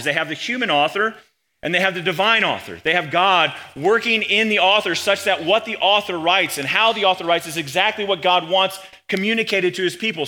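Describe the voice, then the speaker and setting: A man's voice: high voice, bright, forceful tone. A man preaching an expository sermon, explaining a passage in an earnest way and asking rhetorical questions.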